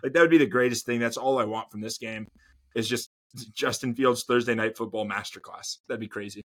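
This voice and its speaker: Co-hosting a sports podcast, a man with a middle-pitched, fairly bright voice speaks a little fast. He's casual and rambling, repeating words and trailing off before landing his point.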